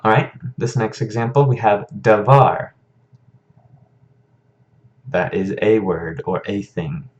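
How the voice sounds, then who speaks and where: A man's voice: on the low side, takes it slowly, pauses often. A man teaching a recorded lesson, explaining patiently and checking in with frequent "okay"s.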